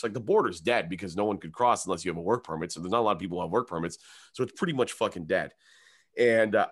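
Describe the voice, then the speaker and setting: Animated profane storyteller, man. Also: sits low. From Canada. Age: young adult. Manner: animated, profane storytelling, acts out his own and others' lines in a raised voice. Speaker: comedian guest. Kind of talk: storytelling on a podcast.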